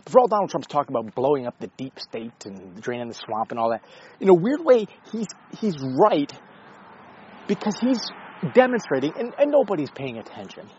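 The man's voice is fairly high, very animated and darkish, moving at a normal speed over dull audio with a little hiss or hum. He's a vlogger walking his dog outside on a neighborhood street, swearing, rambling, joking at his own expense and chatting to the dog.

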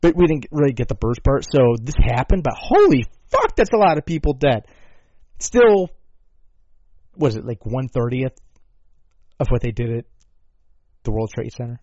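A man delivering a rambling, profane comedic rant at home, swinging between loud outbursts and low mutters. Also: a little fast, no echo. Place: at home with a dog. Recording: dull lo-fi dry sound.

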